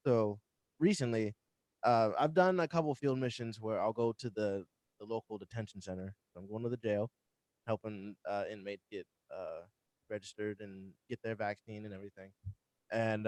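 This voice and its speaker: A man's voice: lowish voice, a little mellow, dry recording. A young man in a casual chat, telling rambling stories about his clinic job with many fillers and frequent laughter. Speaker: band member, vaccination clinic worker.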